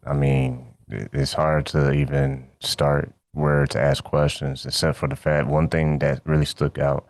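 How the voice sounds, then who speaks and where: A man's voice: very deep voice, little pitch movement, unhurried, hardly any pauses, a little mellow, dry recording, studio quality. A man hosting a radio interview, speaking hesitantly as he searches for words. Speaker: radio host.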